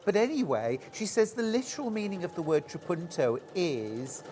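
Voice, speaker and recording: Bubbly low-voiced woman presenter. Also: lively intonation, normal speed, few pauses, noisy background. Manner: bubbly, playful, reads out viewer messages. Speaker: shopping channel presenter. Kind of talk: casual live presenting chat.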